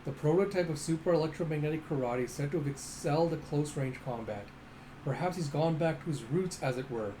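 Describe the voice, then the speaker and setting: A man's voice: on the high side, brisk, background noise. A man casually recapping a comic panel by panel, cursing now and then. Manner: casual, swears, play-by-play describing of panels. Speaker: manga recap narrator.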